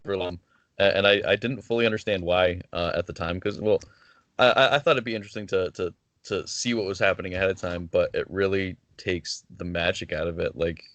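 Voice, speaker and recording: A man's voice: low voice, fairly even intonation, a little fast, a bit bright, no echo. Hesitant man on a muffled call. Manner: hesitant, many restarts and fillers. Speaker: wrestler guest. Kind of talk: casual interview chat. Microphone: video call.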